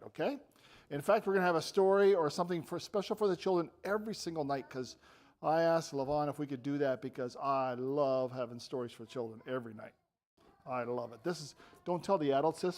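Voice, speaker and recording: An older man, a visiting preacher in a church, telling a Bible story to children in an animated way and asking them questions. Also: mid-range voice.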